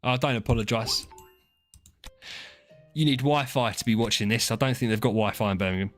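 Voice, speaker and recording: A man's voice: medium pitch, steady tone, fairly quick, soft background music. Chatty man streaming. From southern England. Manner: chatty, teasing, frequent restarts and laughs. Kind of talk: casual chat with chat readers.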